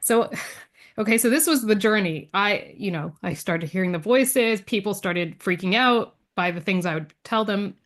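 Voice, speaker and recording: A woman guest on an interview podcast, telling a personal story in a lively way and acting out the other people's words. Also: mid-range voice, normal speed. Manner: lively storyteller who acts out quoted dialogue; frequent fillers and restarts, laughs between lines.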